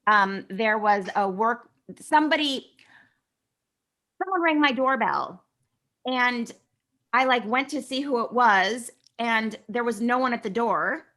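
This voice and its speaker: Middle-aged woman from California, guest actress, animated storyteller with a bright, slightly high voice. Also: takes it slowly. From California, USA. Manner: animated, chatty, acts out quoted dialogue. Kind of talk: casual interview storytelling.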